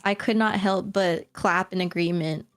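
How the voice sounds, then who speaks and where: A woman chatting casually on a call, telling stories in an animated way and acting out the scenes. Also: on the low side, normal speed, background noise. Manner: animated storytelling, acts out scenes. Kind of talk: casual chat on a group call.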